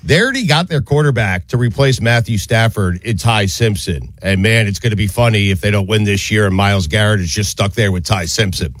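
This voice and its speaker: A man's voice: on the low side, a little fast, hardly any pauses, fairly bright tone, dry recording. A man hosting a casual sports talk show, emphatic, laughing often and handing off to his co-hosts. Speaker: sports radio host.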